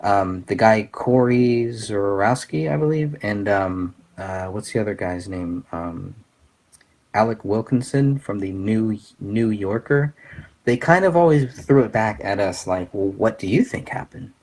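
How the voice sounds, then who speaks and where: A man hosting a casual commentary show, talking in an earnest, halting way with many fillers and restarts. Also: fairly low pitch, lively intonation, a little mellow. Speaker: podcast host.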